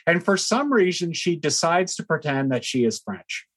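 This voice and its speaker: A podcast host chatting casually in a mocking, animated way. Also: medium pitch, moderate pace, slightly rough. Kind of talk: casual chat.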